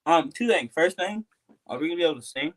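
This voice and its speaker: A man's voice: on the high side, lively intonation, quick pace, a little hiss or hum. A young man, the host's son, stammering and joking defensively in a casual family chat. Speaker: son of the host.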